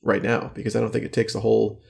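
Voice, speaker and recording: Podcast host guy, gravelly voice, rambly and teasing, lots of ums. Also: on the low side, little pitch movement, fast talker, darkish tone. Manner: rambling, many fillers, teasing. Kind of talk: casual chat. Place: their own studio.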